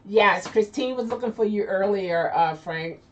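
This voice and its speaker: A woman's voice: mid-range voice, a little slow. A woman hosting a casual live chat, talking loosely with frequent laughs and restarts. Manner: chatty, laughs often, trailing restarts. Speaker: host. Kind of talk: casual chat reading viewer comments. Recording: distant lo-fi mic with faint noise.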